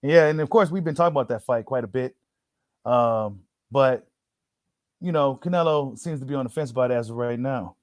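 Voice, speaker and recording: A man's voice: medium pitch, a little fast, no echo, studio quality. A man hosting a casual boxing commentary, slangy and full of fillers, who repeats himself and reads an article aloud to his viewers. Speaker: boxing channel host.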